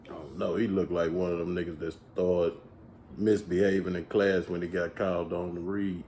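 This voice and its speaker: A man in casual podcast chat, animated and mocking, swearing and laughing often. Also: sits low, normal speed, a little hiss or hum. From Texas. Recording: echoey room.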